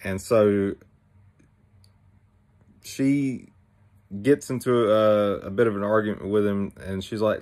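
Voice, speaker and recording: A man's voice: on the low side, fairly even intonation, slow, pauses often, a little mellow. A young man casually recapping an anime episode, rambling with many fillers and restarts.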